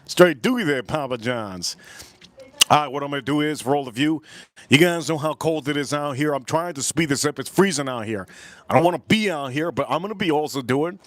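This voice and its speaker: A man's voice: a little high, lively intonation, a little fast. A man hosting a casual food livestream outdoors in the cold, crude and rowdy, repeating himself and calling out to the chat. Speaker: livestream host.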